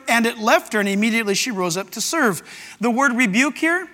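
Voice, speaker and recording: A man preaching a sermon as pastor, animated and breaking into shouts to act out scripture. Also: sits high, a little fast. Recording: long reverb of a large hall.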